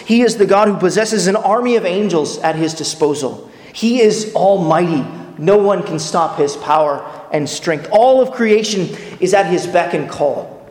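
A man with a high voice delivers an earnest, emphatic sermon, pressing his listeners with pointed rhetorical questions. The recording is roomy and carries a long hall reverb from a church space. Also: darkish tone. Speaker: pastor.

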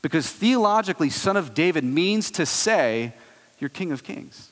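A man preaching a sermon, telling the story with animated swings between loud exclaiming and hushed low tones. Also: moderate pace. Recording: long hall reverb.

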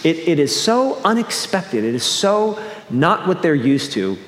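A man's voice: a little high, very animated, a little slow. A man from the American Northeast preaching a sermon as pastor, earnest, often restarting his phrases. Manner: earnest, with repeated restarts and shifting pace. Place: church sanctuary. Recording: echoey hall with long reverb.

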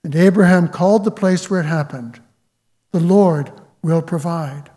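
A man preaching slowly and deliberately, his voice sitting high and mellow. He works reflectively through scripture, and the sound rings with the long reverb of a large hall. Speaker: pastor. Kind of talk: sermon.

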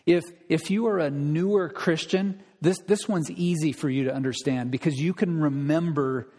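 Emphatic preacher in a reverberant hall. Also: male voice, a little high, moderate pace, dark tone. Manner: rhetorical questions, emphatic repetition. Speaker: pastor. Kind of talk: sermon.

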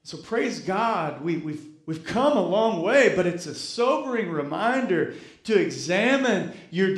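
A man's voice: high-pitched, echoey room. A male pastor preaching a sermon, repeating key phrases and calling on the congregation to respond. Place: church sanctuary.

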